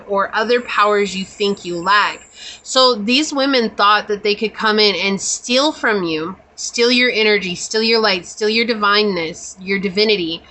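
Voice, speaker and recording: A woman's voice: mid-range voice, pushed and bright, poor audio. A woman doing a pick-a-card tarot reading, talking in a chatty, reassuring, spiritual way with many casual fillers. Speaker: tarot reader.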